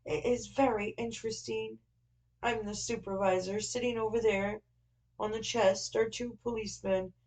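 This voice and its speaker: A woman's voice: a little high, fairly even intonation, moderate pace, a little mellow, natural voice, low-quality recording. A woman reading a novel aloud, voicing an earnest, flustered young man who explains things at length. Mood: explaining eagerly.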